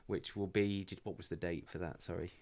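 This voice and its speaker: A man hosting a podcast in a warm office, chatting casually in a rambling, jokey, self-deprecating way. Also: low-pitched, fairly even intonation, fairly quick. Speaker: podcast host.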